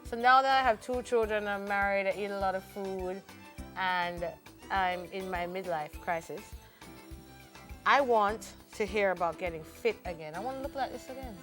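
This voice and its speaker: A woman in her forties with a Jamaican accent, co-hosting a morning TV show in a lively, playful way and slipping into patois. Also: mid-range voice, normal speed, soft background music. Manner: animated, playful, switches into patois. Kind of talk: lively studio chat and news reading. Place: TV studio.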